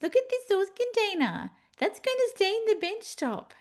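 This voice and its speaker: A woman's voice: very high voice, sing-song, moderate pace, voice pushed up, heavily acted. A woman voicing the clutter on a kitchen bench as mocking, bossy objects. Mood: taunting.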